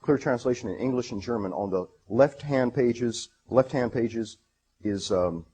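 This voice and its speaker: Husky halting male lecturer. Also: medium pitch, dark tone. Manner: halting, many fillers and restarts; enthusiastic. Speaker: presenter. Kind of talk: lecture presentation, reading passages aloud.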